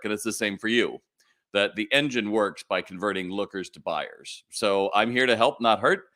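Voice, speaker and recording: A man's voice: fairly low pitch, sharp tone. A middle-aged man hosting a live retail Q&A in casual, blunt, opinionated talk. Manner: blunt and opinionated, acts out quoted voices.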